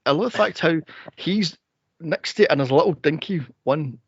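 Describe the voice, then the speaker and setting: A man co-hosting a movie podcast, animated and sweary, laughing and acting out scenes in casual chat. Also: fairly high pitch, normal speed, husky, dry recording. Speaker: podcast co-host. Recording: dry, dull lo-fi podcast audio.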